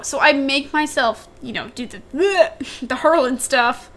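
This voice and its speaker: High-voiced young woman telling a rambling story. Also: normal speed, few pauses, a bit bright. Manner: rambling, repeats herself, acts out quotes. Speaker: podcast co-host. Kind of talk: casual storytelling chat.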